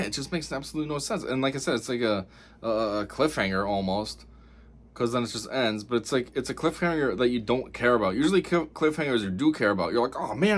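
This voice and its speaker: A man giving a casual spoken review of a TV episode, rambling and exasperated, with lots of fillers. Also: medium pitch.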